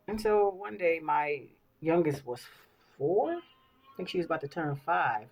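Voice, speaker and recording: Poor audio carries the low-pitched, very animated voice of a beauty vlogger in her fifties, speaking a little slowly. It's a casual get-ready-with-me chat full of lively stories, repeated phrases, and check-ins with listeners.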